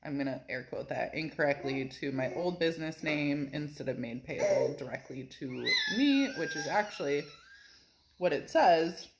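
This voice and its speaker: Low-voiced, chatty woman vlogging at home. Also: normal speed, a loud crowd. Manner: chatty, rambling, animated, laughing between words. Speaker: vlogger and physical therapist. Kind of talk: casual talking-to-camera vlog. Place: home kitchen, feeding a pet. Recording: clear background noise, occasional clicks.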